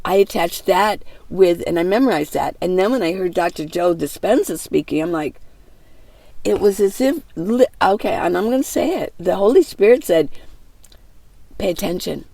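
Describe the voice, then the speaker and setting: Older woman vlogger, gravelly and mellow, rambling reflective chat, dry close sound. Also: on the low side, lively intonation, normal speed, dry recording. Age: 60s. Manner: rambling, warm-hearted, many fillers and restarts, laughs often. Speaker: van life vlogger. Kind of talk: casual reflective monologue to camera. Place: inside a minivan.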